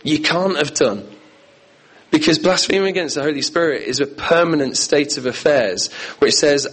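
A man's voice: a little high, normal speed, fairly bright tone, breathy edge, low-quality recording. Earnest man preaching a sermon. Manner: earnest, emphatic, repeats key phrases.

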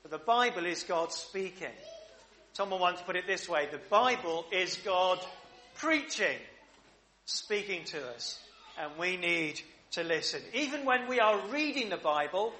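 A man's voice: sits high, expressive, measured pace, sharp tone. A man preaching a sermon at a church service, leading the congregation in prayer and call-and-response questions. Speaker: pastor.

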